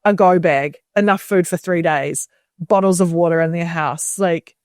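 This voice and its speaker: A woman's voice: lowish voice, steady tone, normal speed, a little mellow, dry recording, studio quality. A woman co-hosting a podcast, speaking in an opinionated, emphatic way in casual chat. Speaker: podcast co-host.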